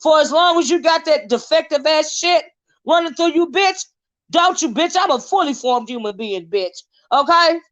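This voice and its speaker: A woman's voice: high voice, animated, moderate pace, fairly bright tone, dull audio. An American woman hosting her own channel, delivering an angry, profane, confrontational rant with repeated insults. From United States. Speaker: channel host. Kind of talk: angry ranting monologue.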